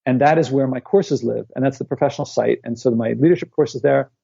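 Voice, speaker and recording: A man's voice: medium pitch, fast, vocal fry, husky, dry recording. A man in his forties, an author speaking as a guest in an interview, telling stories and acting out what people said, heard over dull lo-fi call audio. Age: 40s. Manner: animated storyteller who acts out quotes. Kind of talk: conversational interview storytelling. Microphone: remote call line.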